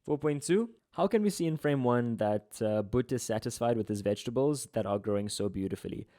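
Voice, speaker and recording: A young man, tutoring through an exam paper in a relaxed, slangy, chatty way. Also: mid-range voice, brisk. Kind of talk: casual exam walkthrough.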